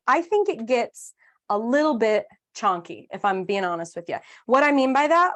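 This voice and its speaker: A woman in her thirties teaching a live online craft class, chatty and upbeat with playful asides. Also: mid-range voice.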